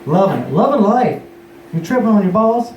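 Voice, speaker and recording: A man's voice: big pitch swings, moderate pace, darkish tone, highs cut off, slight background noise. A young man telling a rambling, profane story live, laughing and acting out voices. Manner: rambling, profane, laughing, acts out quotes in a higher voice. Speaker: storyteller at an open mic. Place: bar or juke joint. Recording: echoey room from far off.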